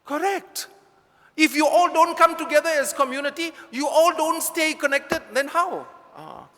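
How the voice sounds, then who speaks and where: A man's voice: very high-pitched, lively intonation, moderate pace, fairly bright tone, in a large hall. A priest with a Malaysian English accent, giving a chatty, joking homily straight to his congregation in a large church.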